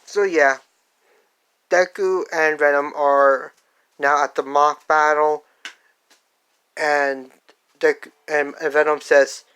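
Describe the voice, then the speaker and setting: A fan storyteller improvising a story out loud, halting with many fillers and restarts. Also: mid-range voice, little pitch movement, smooth, poor audio. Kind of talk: improvised fan-fiction narration.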